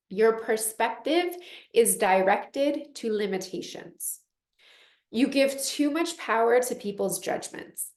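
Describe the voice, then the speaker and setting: Woman coach chatting through a lesson, lots of "like", sounds echoey. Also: mid-range voice. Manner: animated, acts out inner voices, frequent "like" fillers. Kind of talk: casual teaching on a group call.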